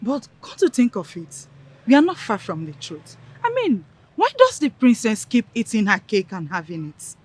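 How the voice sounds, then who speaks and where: A woman's voice: a little high, wildly swooping pitch, moderate pace, darkish tone. A Nigerian actress playing a sly, scheming young woman who teases and goads her friends, with a Nigerian Pidgin tinge, in a film drama. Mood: amused. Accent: Nigerian Pidgin-tinged English. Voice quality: teasing, goading.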